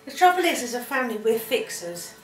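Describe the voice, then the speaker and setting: A woman interviewed for a documentary, speaking in a measured, matter-of-fact way. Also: fairly high pitch, big pitch swings. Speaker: interviewed relative. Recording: echoey room from a distance. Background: music.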